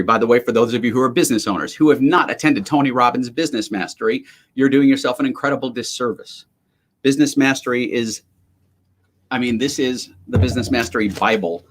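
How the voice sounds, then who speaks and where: A man hosting a motivational live stream, talking emphatically in an energetic, ranting way. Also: mid-range voice. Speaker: livestream host. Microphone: webcam or computer mic on a live stream.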